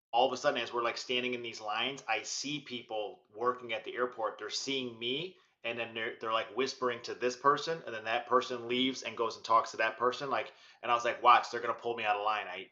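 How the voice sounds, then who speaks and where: Guy ranting a story on a group call, bright edgy voice, kinda muffled lo-fi audio. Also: fairly low pitch. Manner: animated, swears freely, acts out quoted voices. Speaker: community member on a morning call.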